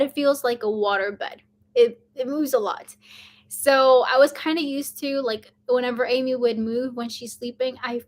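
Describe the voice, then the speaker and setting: Young woman vlogger, high-pitched, chatty with lots of fillers. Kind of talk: casual storytelling to camera.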